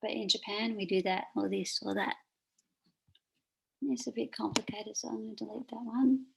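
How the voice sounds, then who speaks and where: An Australian woman gives an informal recorded lecture, pointing at slides as she goes. Her voice has a gravelly fry at the edges. A faint noise sits under the recording. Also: medium pitch, level tone, moderate pace. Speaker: teacher.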